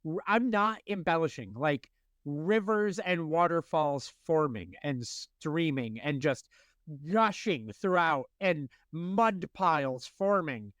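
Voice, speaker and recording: A man around forty, co-hosting a podcast, telling animated stories in casual chat with laughs. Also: fairly high pitch, slow, smooth, dry recording, clean studio sound. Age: late 30s to early 40s. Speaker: podcast co-host.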